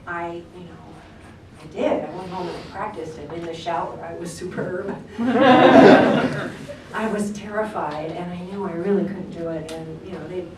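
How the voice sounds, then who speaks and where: A voice actress on a convention panel, telling a story to an audience with frequent laughter. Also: female voice, fairly low pitch, level tone, fairly quick, a crowd in the background. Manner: chatty storyteller, laughs often. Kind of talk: anecdote told to an audience. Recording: echoey hall, distant mic, background noise.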